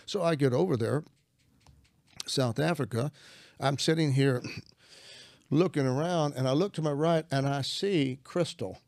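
A man's voice: mid-range voice, measured pace, creaky, pauses often, a little mellow, dry recording, studio quality. An older man, a minister, earnestly telling a personal testimony in conversation and acting out his prayers. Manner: earnest storytelling, acts out prayers.

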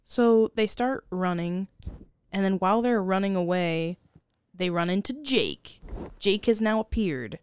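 A woman's voice: mid-range voice, expressive, unhurried, darkish tone, clear, resonant tone. A woman co-hosting a podcast, rambling through a film's plot in casual chat. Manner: rambling, chatty plot recap with frequent laughs. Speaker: podcast co-host.

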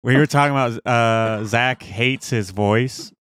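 A man's voice: mid-range voice, measured pace, a bit bright, clear, resonant tone. A man co-hosting a podcast in casual chat, joking and self-mocking as he rambles along. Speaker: podcast co-host.

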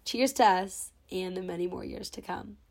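A woman's voice: on the low side, moderate pace, a little mellow. A young woman hosting her own podcast, speaking a sentimental thank-you monologue and holding back happy tears. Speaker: podcast host. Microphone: own camera.

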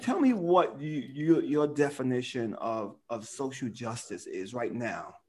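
A man's voice: mid-range voice, lively intonation, measured pace, darkish tone, a little hiss or hum. A man co-hosting a casual podcast chat, telling stories animatedly and peppering his speech with "man". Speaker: co-host.

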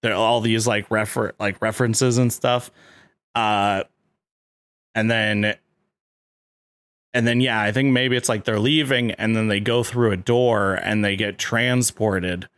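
A man in casual chat, rambling excitedly and leaning on filler words as he talks. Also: lowish voice, unhurried, no room sound.

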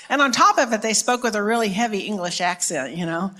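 A woman's voice: medium pitch, expressive, normal speed, a bit bright, slight background noise. A middle-aged woman from Texas, giving a storytelling sermon at a conference in a chatty, self-mocking way with frequent restarts. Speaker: conference preacher.

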